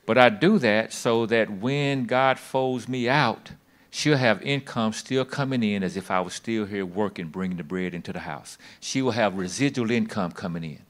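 A man's voice: lowish voice, moderate pace. A man preaching a sermon, folksy and emphatic, with bits of humor.

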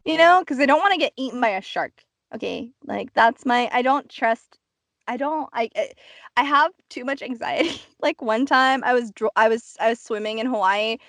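A woman's voice: on the high side, normal speed, dry recording. Chatty woman podcast co-host. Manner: animated storytelling, filler-heavy, laughing. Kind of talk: casual chat.

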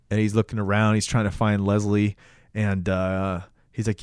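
A man's voice: fairly low pitch, moderate pace, no room sound, clean studio sound. A man casually recapping a movie on a podcast, cursing freely and acting out the characters' lines as he tells it. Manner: animated storyteller, acts out quotes. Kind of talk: casual profane chat.

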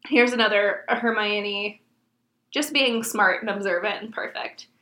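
A woman's voice: medium pitch, unhurried, sharp tone. A woman co-hosting a casual podcast chat, gushing as she reads out favorite book quotes. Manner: gushing, enthusiastic fan. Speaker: podcast co-host.

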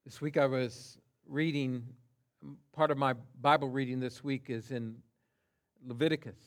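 In a steady, mid-range male voice, a pastor preaches with deliberate emphasis. His delivery shifts from quiet murmurs to loud cries, and he leans hard on single words.

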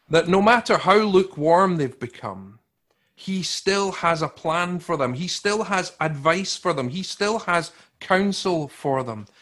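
Animated preaching man, slightly high voice. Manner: animated preaching, swings from loud emphatic to hushed and slow; conversational, with repeated words and restarts. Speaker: pastor. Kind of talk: sermon.

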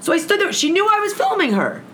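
A woman's voice: very high voice, fast talker, slight background noise. A woman telling a heated story in casual conversation, swearing freely and acting out both sides of an argument. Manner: profane, animated, acts out both sides of an argument.

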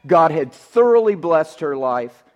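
A man preaching a sermon, telling a story that swings between emphatic outbursts and hushed, quiet passages. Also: fairly high pitch, very animated, measured pace, lo-fi sound. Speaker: pastor.

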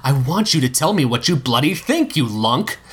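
A man reading aloud and voicing a dry, sharp-tongued teenage witch girl. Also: medium pitch, big pitch swings, moderate pace, slightly rough, pitched above the performer's own voice. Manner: teasing, dry and sarcastic.

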